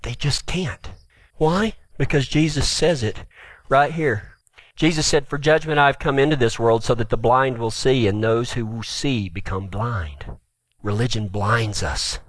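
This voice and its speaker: A male preacher giving a sermon, retelling scripture with animated storytelling, then dropping to a quiet, earnest appeal. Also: mid-range voice, dry recording. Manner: animated storytelling, acts out the quoted speakers.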